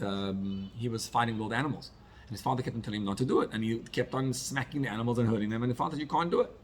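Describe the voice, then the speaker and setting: A man's voice: on the low side, slight background noise. A man, a rabbi, teaching a class in a conversational way, telling personal stories and dropping Yiddish and Hebrew terms.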